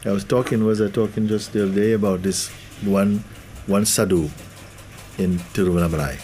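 A man's voice: lowish voice, steady tone, brisk, mellow, a little hiss or hum. A man giving a spiritual talk to an audience, laughing often and acting out the voices of the people he quotes. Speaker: spiritual teacher.

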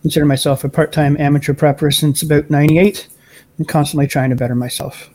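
A Canadian man co-hosting a podcast, reading a merchandise plug in a slow, deliberate way. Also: on the high side, fairly even intonation, a little mellow. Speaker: podcast co-host.

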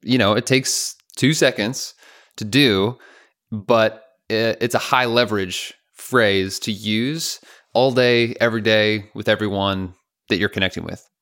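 A man's voice: on the low side, steady tone, unhurried, fairly bright tone. A man co-hosting a podcast, talking in a casual, joking, teasing way. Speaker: podcast co-host. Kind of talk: casual chat.

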